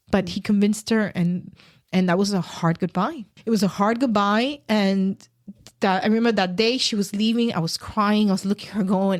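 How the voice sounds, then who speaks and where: On a podcast, a female guest with a medium-pitched voice shares a personal story. She speaks earnestly but haltingly, restarting herself many times.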